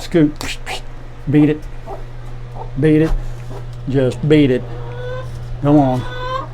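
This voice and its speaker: An older man on a farm, casually narrating his chores and coaxing his animals in a gentle, folksy way. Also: a little high, noisy background. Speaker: farm vlogger. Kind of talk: casual vlog narration while doing chores. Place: outdoor farm, hen house and animal pens.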